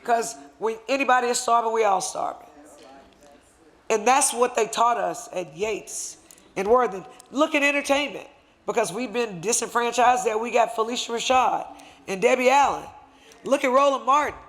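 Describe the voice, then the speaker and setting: A man's voice: very high voice, moderate pace, a bit bright. A man giving an impassioned, emotional speech at a luncheon, speaking in a fervent, conversational way as he presents a certificate.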